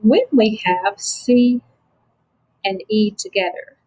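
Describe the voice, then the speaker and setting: A woman teaching a phonics lesson to children, slow, patient and encouraging. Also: mid-range voice, darkish tone, husky, rough recording.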